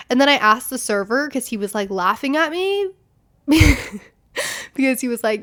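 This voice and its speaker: A young woman hosting a podcast, telling a story in a casual, animated way, with constant "like" fillers and frequent swearing. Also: on the high side, normal speed. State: recovering from an illness. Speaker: podcast host.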